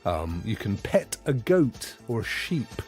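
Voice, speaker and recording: A man's voice: takes it slowly, music in the background. A British man co-hosting a casual gaming podcast, rambling and jokey. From United Kingdom. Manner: rambling, jokey, very lively pitch. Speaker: podcast co-host.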